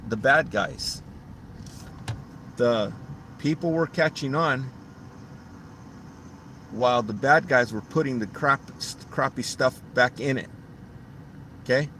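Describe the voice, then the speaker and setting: A man's voice: mid-range voice, a bit bright, slight background noise. A middle-aged man talking on a casual livestream, rambling, repeating himself and losing his thread.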